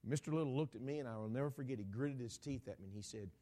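Earnest preacher telling a story. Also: male voice, medium pitch, rapid-fire, few pauses. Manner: quiet, earnest, acts out both sides of a conversation. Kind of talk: sermon storytelling.

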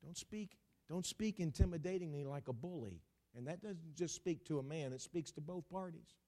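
A man's voice: on the high side, brisk, warm tone. A man preaching a sermon, emphatic and repetitive, with a playful streak.

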